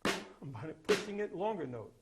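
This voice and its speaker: An older man leads a percussion master class, explaining articulations and then singing or playing short example notes. His voice is high-pitched and animated at a measured pace, with loud music behind it.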